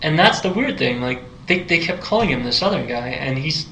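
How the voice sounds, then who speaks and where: Bright, skeptical man in an echoey room. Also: a little high, expressive, fairly quick, a little hiss or hum. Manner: skeptical, teasing. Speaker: podcast co-host. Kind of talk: casual chat.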